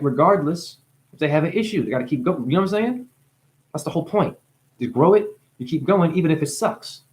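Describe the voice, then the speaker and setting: A man with a New Jersey accent talks to his camera in a loose spiritual monologue. He cuts between excited, loud outbursts and quiet, hushed reflection, swearing freely as he goes. His voice sits at a middle pitch.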